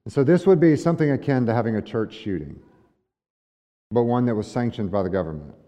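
A man's voice: medium pitch, animated, quick pace, dark tone. Man preaching in a big reverberant hall. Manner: conversational preaching with rhetorical questions to the congregation. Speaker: pastor. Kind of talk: sermon. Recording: dull lo-fi sound with long hall reverb.

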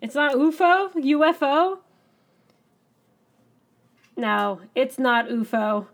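A woman co-hosting a casual podcast chat, animated and excitable, acting out lines as she talks. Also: high-pitched, takes it slowly. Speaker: podcast co-host. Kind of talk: casual chat about an anime episode.

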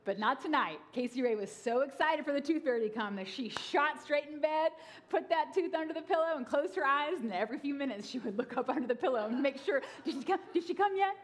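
A brisk, high-pitched woman in her thirties, a pastor, delivers a sermon full of storytelling. She keeps it lively and humorous, telling funny stories and acting out the voices.

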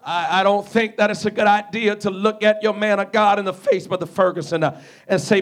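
A man's voice: sits high, fairly even intonation, brisk. A man preaching a sermon as a guest preacher, telling a Bible story and acting out its dialogue. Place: church before a congregation.

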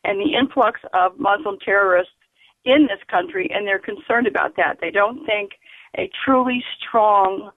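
A woman calling in to a radio show, speaking earnestly and emphatically, with many fillers and pauses. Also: mid-range voice, dry recording. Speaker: caller. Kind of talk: call-in radio comment. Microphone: telephone. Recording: tinny phone line.

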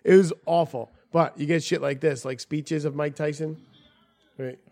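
A man co-hosting a podcast, telling stories in a profane, animated way. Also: on the high side, normal speed, gravelly, dry recording. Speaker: podcast co-host. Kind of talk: casual chat.

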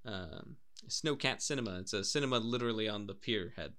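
Man, young adult, lowish voice, bright tone, casual chat, swears a lot. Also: a little fast, clear, resonant tone. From Wales. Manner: swears freely, acts out voices and laughs while telling stories.

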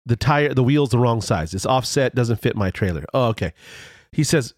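A mid-pitched male vlogger tells a road story casually at normal speed, rambling with lots of fillers and restarts. He gets animated, his voice jumping higher when excited, and the sound is dry and close with no echo.

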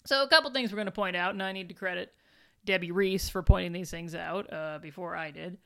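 A woman's voice: fairly low pitch, fairly quick, vocal fry, clean tone. A woman co-hosting a casual book review chat, speaking in a dry, sarcastic way. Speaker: podcast co-host.

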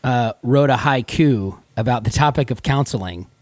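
A man's voice: mid-range voice, moderate pace, darkish tone, no room sound. A man hosting a casual group talk, playful and laughing often. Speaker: podcast host.

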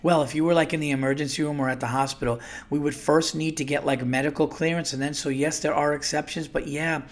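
A man mimicking a fake-nice, stone-cold female airline agent with calm, scripted politeness. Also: sits low, normal speed, natural voice. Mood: fake polite.

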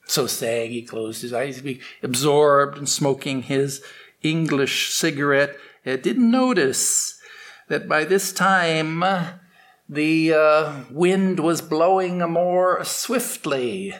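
A man telling a story aloud, unscripted, with restarts and slowed dramatic pacing. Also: a little high, fairly bright tone. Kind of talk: oral storytelling.

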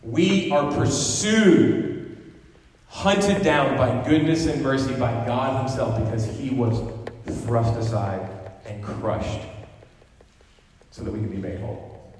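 A male pastor delivers a sermon in a large church, swinging between emphatic, impassioned declarations and relaxed conversational asides. His voice sits in a middle register and carries a heavy echo. The mic is set far from him, so the sound is distant and roomy, with a faint hiss under it. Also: mid-range voice, measured pace. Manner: impassioned, rising to emphatic peaks. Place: church sanctuary. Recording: echoey hall recorded from far off.

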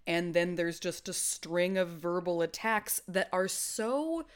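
Woman podcaster gushing away, slightly low voice, casual rambling chat. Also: expressive, slow pace, clear, resonant tone. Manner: gushing, swoony, laughing asides. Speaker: podcast co-host.

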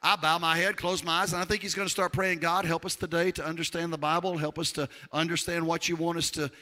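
A man preaching a sermon, telling his own story with lively, acted-out voices and loud peaks. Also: fairly high pitch, fast talker. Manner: animated storyteller, acts out voices, shouts at peaks. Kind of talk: testimony sermon.

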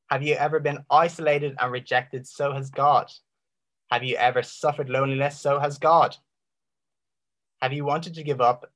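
A man giving an impassioned Christian apologetics talk, full of rhetorical questions and dramatic pauses. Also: mid-range voice, fairly bright tone. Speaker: Christian speaker.

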